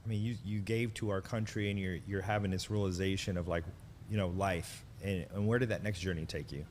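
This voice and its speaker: A low-pitched male podcast host asks questions and offers short affirmations. A faint background noise sits under his voice. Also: fairly even intonation, fairly quick, darkish tone. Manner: affirming, brief back-channels. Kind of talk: interview questions.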